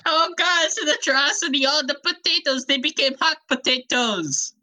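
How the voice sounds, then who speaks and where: An excitable, chaotic man who keeps breaking into laughter, as a woman improvises him. His voice is bright, sharp and fairly high, and it bounces between alarm and glee. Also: normal speed, heavily acted, rough recording. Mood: giddy. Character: excitable Irish potato-obsessed acid man. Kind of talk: improvised comedy role-play.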